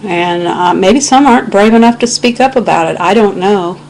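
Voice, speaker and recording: A woman's voice: medium pitch, normal speed, vocal fry, darkish tone, slight background noise, rough recording. An American woman giving an impassioned, indignant webcam rant, quoting scripture as she talks. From United States. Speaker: video blogger. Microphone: webcam microphone.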